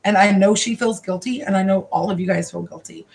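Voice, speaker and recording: A woman in the middle of a live-streamed psychic reading, her voice sitting at an ordinary middle pitch. She speaks in halting, repetitive bursts that keep circling back with feeling. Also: gravelly. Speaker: psychic card reader. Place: her own room.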